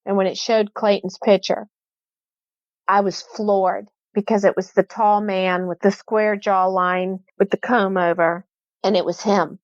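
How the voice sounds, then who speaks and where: A woman guest on a podcast, recounting a haunting in an animated way and acting out the dialogue she quotes. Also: mid-range voice, measured pace, dry recording, dull audio. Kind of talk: podcast interview storytelling.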